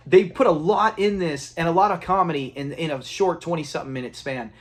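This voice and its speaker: A man's voice: fairly high pitch, a little fast. A man casually recapping a classic sitcom episode, retelling scenes, acting out quotes and chuckling along. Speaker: TV episode reviewer.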